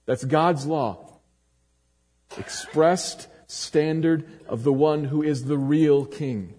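Dramatic preaching man in a reverberant hall. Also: slow. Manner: dramatic preaching with sharp swings from loud emphasis to low, quiet lines. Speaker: pastor. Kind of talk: sermon.

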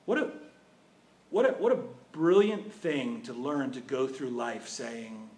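A man's voice: medium pitch, very animated, a little slow, a little mellow. A man preaching a sermon in a conversational way, often asking his listeners rhetorical questions.

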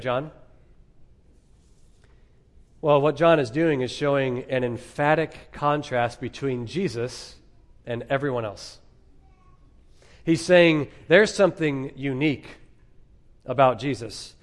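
A male pastor delivering an expository sermon in a fairly high voice. He preaches emphatically, leaning on dramatic pauses and rhetorical questions.

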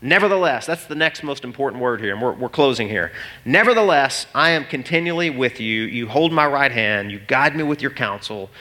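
A man's voice: mid-range voice, a little fast. A man in his thirties preaching a sermon, telling a story and acting out the voices in it. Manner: animated storytelling, acts out voices. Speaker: pastor.

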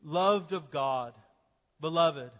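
A man's voice: fairly high pitch, takes it slowly. An American man, a pastor, preaching an earnest sermon to his congregation in a church. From United States. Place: church sanctuary. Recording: dull sound with long hall reverb.

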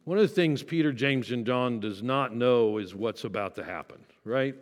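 A man's voice: medium pitch, moderate pace. Conversational male pastor in echoing hall. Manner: conversational, asks the congregation questions; self-deprecating asides and light joking. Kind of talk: sermon. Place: church sanctuary.

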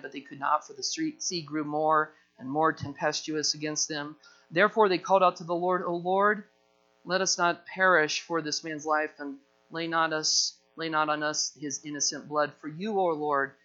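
A pastor preaching with an animated delivery, slipping into the voices of the people in his story. His voice sits high and bright. The recording sounds a little dull and lo-fi. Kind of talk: sermon.

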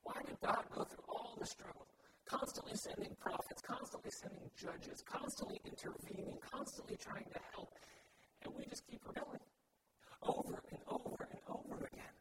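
A man's voice: moderate pace, recorded from a distance. A man preaching a sermon as pastor, earnest and building his points through repeated emphatic phrases. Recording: loud background noise.

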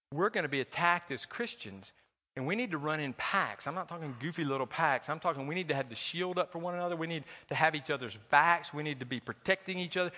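A man's voice: on the high side, sharp tone, big-room sound. A man preaching a sermon as a pastor, in a conversational, joking manner full of personal stories. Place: church.

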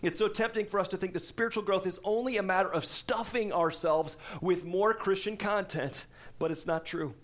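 Conversational preacher, a man with a higher voice. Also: moderate pace. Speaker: pastor. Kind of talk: sermon.

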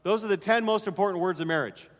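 Middle-aged male pastor, high voice, emphatic sermon delivery, long church-hall reverb. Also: fast talker. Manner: emphatic preaching, repeats key phrases, drops to soft asides.

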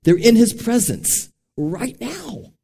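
A man's voice: extremely high pitch, sing-song, slow, gravelly, dark tone, breathy edge. Earnest male preacher, echoing hall. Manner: storytelling preacher, earnest and direct. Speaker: pastor. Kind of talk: sermon. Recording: long reverb of a large hall.

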